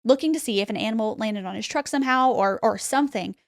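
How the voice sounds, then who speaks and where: Podcast host lady, a bit high, chatty animated storytelling, dry close sound. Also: quick pace, creaky, no echo. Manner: animated retelling, acts out quotes.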